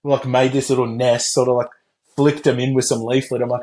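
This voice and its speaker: A man's voice: medium pitch, little pitch movement, brisk, a little mellow. A young Australian man hosting a podcast, telling stories in casual chat, swearing and laughing often. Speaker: podcast host.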